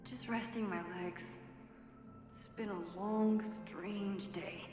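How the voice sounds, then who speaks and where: An actress playing a thoughtful, bewildered young woman in a video game, speaking softly and with wonder. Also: mid-range voice, fairly even intonation, slow, lo-fi sound, lightly acted. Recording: game audio with long reverb and music. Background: game music.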